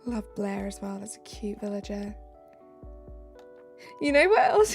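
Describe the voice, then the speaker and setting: Chatty British woman with a gravelly voice. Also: medium pitch, sing-song, unhurried, long pauses. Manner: chatty, reads out viewer comments. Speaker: live streamer. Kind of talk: casual live-stream chat. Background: faint background music.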